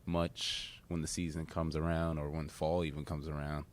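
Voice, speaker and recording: Deep-voiced young man, easygoing. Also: little pitch movement, moderate pace. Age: young adult. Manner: easygoing, short answers. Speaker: college basketball player. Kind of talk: interview answers.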